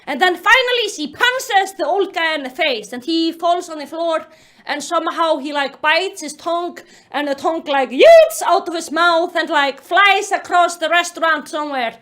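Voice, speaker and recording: A young woman recapping a book in casual commentary, animated and exasperated, with lots of fillers. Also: extremely high pitch, normal speed. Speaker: YouTube commentator.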